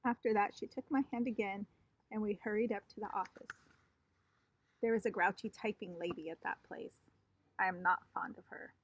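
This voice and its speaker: Teacher reading a storybook aloud. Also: female voice, medium pitch, fairly even intonation, normal speed, breathy edge, dull audio. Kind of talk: storybook read-aloud to children.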